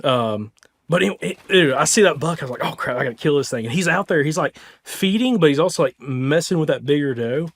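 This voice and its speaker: Excited Southern man telling a hunt story. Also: on the high side, a little fast. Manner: excited storytelling, heavy on "like" and "dude". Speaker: podcast host. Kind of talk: casual hunting story.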